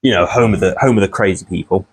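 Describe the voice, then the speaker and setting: A man's voice: low-pitched, fast, husky. A young man rambling casually through a profane commentary vlog, often laughing at the story.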